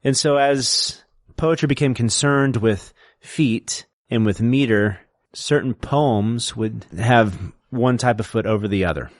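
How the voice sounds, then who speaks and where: A man's voice: mid-range voice, measured pace, hardly any pauses, no room sound, clean studio sound. A man who teaches, explaining things step by step as a podcast co-host in casual chat.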